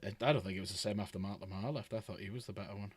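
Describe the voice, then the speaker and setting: A British man co-hosting a casual chat, quick and chatty, with casual swearing. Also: on the low side, fairly even intonation, husky, no echo. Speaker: co-host.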